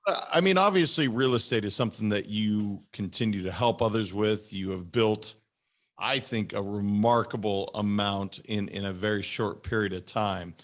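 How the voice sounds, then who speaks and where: A man's voice: fairly low pitch, normal speed. A man hosting an interview podcast, asking long questions with enthusiasm. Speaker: podcast host.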